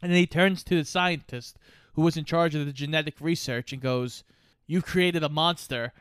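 A man co-hosting a podcast, recapping a movie's plot in a relaxed way with small fillers. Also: fairly high pitch, brisk, clear, resonant tone, no echo, clean studio sound. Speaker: podcast co-host.

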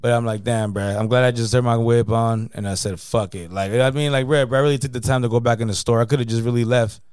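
A man rattling off a story at a brisk clip, loose and slangy, peppered with profanity and "you know what I mean." His voice comes through smooth and clean, dry and close to the mic, in a middle register. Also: mid-range voice, fairly even intonation, darkish tone, dry recording. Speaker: podcast co-host. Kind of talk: casual storytelling chat.

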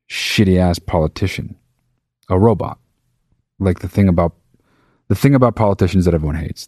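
In clean studio sound with no room sound, a low-voiced man rambles and curses his way through an animated story on his own podcast, told as a casual monologue.

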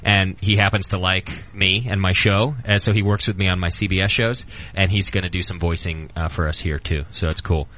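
Bright-voiced man hosting a radio show. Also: low voice, fairly even intonation, fairly quick, hardly any pauses. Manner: loose and joking, many ums and uhs. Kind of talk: casual radio talk show. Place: studio.

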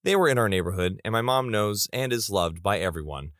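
A man's voice: on the low side, lively intonation, brisk, a bit bright, no echo, studio quality. A man narrating reader stories in a comedic style, with playful asides.

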